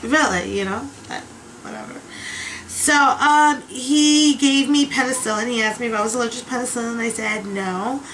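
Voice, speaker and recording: A woman's voice: on the high side, normal speed, a bit bright, a little hiss or hum, poor audio. A woman rambling in a casual video diary, chatty and exasperated as she vents. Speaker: vlogger.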